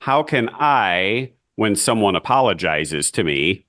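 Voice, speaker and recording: Deep-voiced questioning man. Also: very animated, slow pace, fairly bright tone, no echo, clean studio sound. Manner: curious, poses questions and scenarios. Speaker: podcast co-host, band teacher. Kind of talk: advice podcast discussion.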